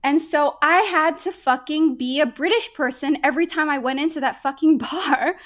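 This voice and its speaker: A young adult woman, a painter talking as a guest in a casual podcast conversation, animated, laughing often and swearing freely. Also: high-pitched, normal speed.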